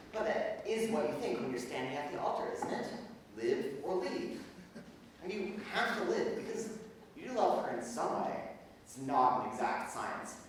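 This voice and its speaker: An actor playing a wistful, rambling musical fan who confides in the audience, recorded live on stage. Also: male voice, high-pitched. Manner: confiding, rambling, self-deprecating. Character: wistful middle-aged man, record-loving musical fan. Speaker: narrator speaking to the audience. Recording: echoey theatre hall from far off, faint hiss.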